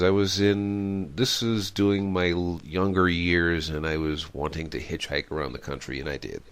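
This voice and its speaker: A man's voice: low-pitched, moderate pace, few pauses, clear, resonant tone. A middle-aged man hosting a radio interview, rambling and reflective, telling stories with many fillers. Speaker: radio show host.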